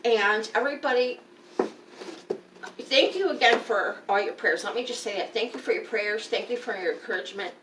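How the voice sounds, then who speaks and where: A woman's voice: on the high side, normal speed. Tired, candid woman in her fifties. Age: 50s. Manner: candid, blunt, emotional. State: tired and unwell. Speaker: vlogger. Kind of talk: casual personal update. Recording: roomy, distant, faint background noise.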